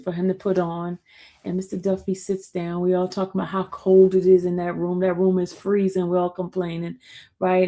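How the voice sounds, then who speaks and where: A woman hosting a casual live stream, telling her viewers a story in a chatty, animated way. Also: medium pitch. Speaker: show host recapping a trial.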